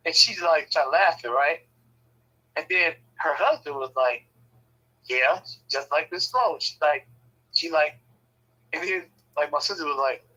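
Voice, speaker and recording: A man's voice: a little high, sing-song, unhurried, pauses often, pushed and bright, low-quality recording. A man casually telling stories about his family, swearing freely and acting out the voices of the people in them. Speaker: storyteller. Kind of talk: casual storytelling.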